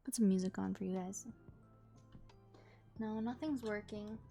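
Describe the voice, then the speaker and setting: A woman's voice: medium pitch, steady tone, unhurried, creaky, mellow, faint music behind. A woman streaming live, chatting casually with viewers while fixing tech trouble.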